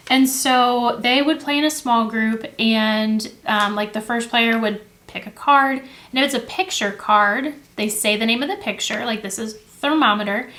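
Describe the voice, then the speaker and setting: Speaking to the camera in a bright, forceful, slightly high voice, a young female teacher and education video host walks through classroom activities. She keeps it friendly and casual, with lots of fillers and quick self-corrections, sitting close to the camera at a table indoors.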